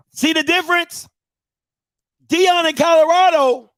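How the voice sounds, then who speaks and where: High-voiced emphatic male talk host. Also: expressive, measured pace, fairly bright tone, no room sound, clean studio sound. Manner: emphatic and repetitive, with slang. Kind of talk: live talk show commentary.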